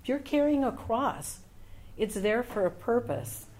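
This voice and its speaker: A woman's voice: a little high, animated, unhurried, a little mellow, a little hiss or hum. A woman sharing a personal reflection with a Bible study group, thoughtful and searching, with occasional ums as she questions herself. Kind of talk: personal testimony.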